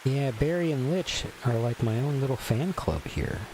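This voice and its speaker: A man's voice: medium pitch, big pitch swings, moderate pace, background noise. A man from Texas chatting casually with viewers during a game stream, speaking in a put-on somber, theatrical voice into a filtered desk microphone.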